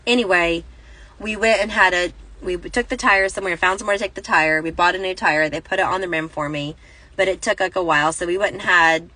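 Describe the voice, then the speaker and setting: A woman's voice: on the low side, steady tone, fairly quick, bright, forceful tone, poor audio. A woman in her thirties telling a rambling, self-correcting story in a casual vlog, recorded on a phone inside a parked car. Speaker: Christian vlogger.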